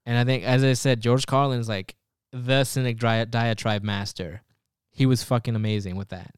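In clean studio sound with no echo, a man co-hosting a podcast chats loosely and rambles, dropping the occasional swear word. His voice is medium-pitched, steady, clear and resonant, at a normal speed.

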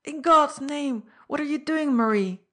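A woman's voice: mid-range voice, fairly even intonation, fairly quick, a little mellow, lightly acted. A woman reading a determined young adventurer. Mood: frantic.

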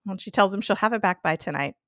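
A chatty woman in casual recap mode, laughing easily as she runs through scene after scene. Her voice sits at an ordinary middle pitch, recorded close on a podcast mic with a dry, roomless sound. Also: fast, a bit bright, dry recording. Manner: chatty, laughs often, acts out characters' lines. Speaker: guest podcast co-host recapping a TV episode.

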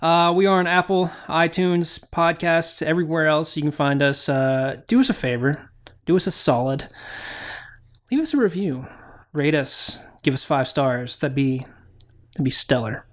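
A man co-hosting a casual comedy podcast, trading deadpan jokes and plugging the show. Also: a little high, normal speed. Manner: joking, deadpan self-promotion. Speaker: podcast co-host.

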